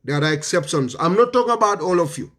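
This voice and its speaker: A man's voice: on the high side, animated, quick pace. A man with a Gambian accent, giving an impassioned political speech and pressing home rhetorical questions. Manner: forceful, repeats rhetorical questions. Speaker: political commentator.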